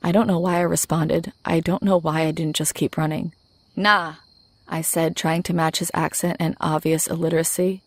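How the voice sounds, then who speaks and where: A woman narrating a horror story in the first person, in a measured, low-key way. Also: flat delivery, a little mellow, no room sound.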